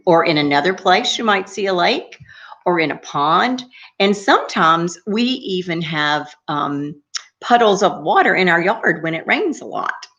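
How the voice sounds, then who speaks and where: A woman reading a story to young children, gentle and sing-song, often pausing to ask them questions. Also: fairly low pitch, lively intonation, muffled recording.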